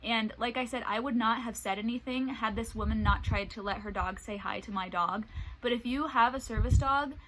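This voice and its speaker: A young woman vlogging about life with her service dog, retelling stories in a casual, animated way and acting out what people said. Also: fairly high pitch, fairly quick, poor audio. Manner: animated retelling, acts out quoted voices. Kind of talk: casual storytelling vlog.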